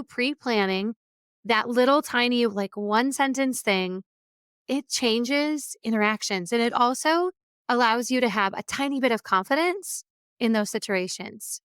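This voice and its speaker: Woman podcast host, fairly high, smooth voice; chatty motivational monologue, dry close mic. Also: a bit bright, no echo. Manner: conversational, acts out quoted remarks. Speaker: podcast host and keynote speaker.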